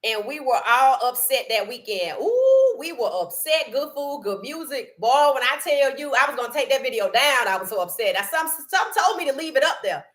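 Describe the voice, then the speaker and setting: A woman hosting a live sports stream in casual chat, animated and laughing often as she greets viewers in the chat by name and speaks. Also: fairly high pitch. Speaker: livestream sports host.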